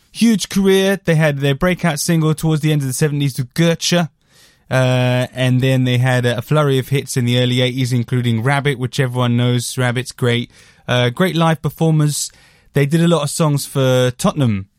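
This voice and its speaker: A man's voice: mid-range voice, no room sound, clean studio sound. A British man hosting a casual music monologue, rambling and self-deprecating with lots of fillers. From Britain. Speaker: podcast host reviewing albums.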